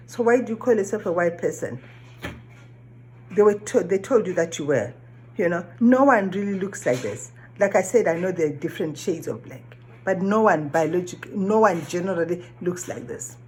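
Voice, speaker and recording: A woman's voice: medium pitch, lively intonation, moderate pace, darkish tone, slight background noise. A woman whose first language is not English, giving an earnest reflective monologue, often asking questions and repeating phrases. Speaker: vlogger.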